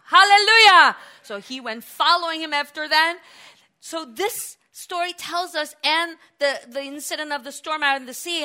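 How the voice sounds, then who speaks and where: A woman preaching a sermon, telling a story with acted cries and shifts between loud calls and hushed passages. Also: high voice.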